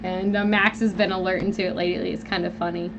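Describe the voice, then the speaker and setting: Young woman on a home livestream, rambly and animated, lots of ums and likes. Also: fairly low pitch, fast talker, muffled recording, noisy background. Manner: rambling, animated storytelling with frequent fillers. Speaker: live-stream host. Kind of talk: casual venting live chat. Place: at home, indoors.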